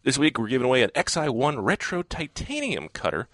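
A man's voice: medium pitch, very animated, fairly quick, fairly bright tone, no echo. Upbeat male talk radio host. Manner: upbeat, promotional. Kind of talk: reading promos on talk radio.

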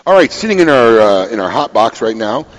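Male radio host, lively pitch swings, loose joking chat, keeps interviews rolling. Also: fairly quick. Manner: animated, laughing, interrupting. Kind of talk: casual radio talk show chat.

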